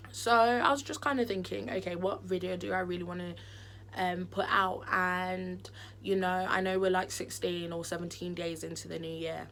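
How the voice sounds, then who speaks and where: Indoors at home, a woman vlogs candidly to camera, chatting frankly and expressively. Her voice sits on the low side, with fairly even intonation and a measured pace, and there's slight background noise.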